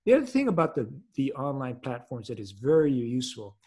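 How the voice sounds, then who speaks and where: A man with a husky, slightly rough voice presents a professional webinar in an earnest, explanatory way. He speaks at an ordinary middle pitch and often hesitates mid-sentence before carrying on. The sound comes through a video-call microphone. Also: big pitch swings, mellow. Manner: earnest and unhurried, with frequent hesitations.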